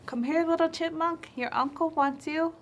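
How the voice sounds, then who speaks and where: A woman voicing a mean, hungry old owl woman in a told story, calling out slowly and coaxingly. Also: very high-pitched, steady tone, slight background noise, voice pushed up. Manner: slow, coaxing calls.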